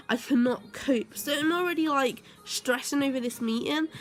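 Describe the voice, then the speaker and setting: A young woman telling a rambling story to her vlog viewers, with many fillers and heated bursts. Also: a little high. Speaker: vlogger.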